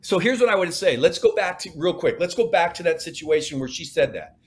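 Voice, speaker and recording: A man's voice: a little high, expressive, fairly quick. Emphatic man coaching in a podcast. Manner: emphatic, coaching, repeats phrases for stress. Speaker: podcast guest, leadership coach. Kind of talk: podcast interview.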